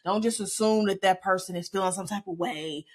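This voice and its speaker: A woman co-hosting a podcast in casual chat, repeating her points in relaxed everyday vernacular. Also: mid-range voice, brisk. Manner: conversational, repeats phrases, speaks in relaxed vernacular. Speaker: podcast co-host.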